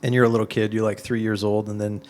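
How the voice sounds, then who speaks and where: A man answering audience questions in an informal talk, explaining his ideas through conversational, animated everyday examples with lots of "like"s. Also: on the low side, fast talker. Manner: conversational, animated storytelling with many "like"s.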